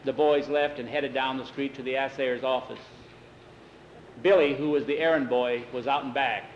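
A man's voice: mid-range voice, fairly even intonation, moderate pace, a little hiss or hum. A man telling a story in a plain, folksy way, voicing each of the characters himself. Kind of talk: told story with voiced characters. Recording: roomy, dull sound with faint ambience.

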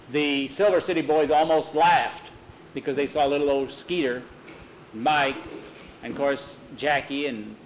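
A man telling a sports story in a folksy, animated way, with many "he said"s. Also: on the high side, slight background noise, poor audio. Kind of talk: told story narration.

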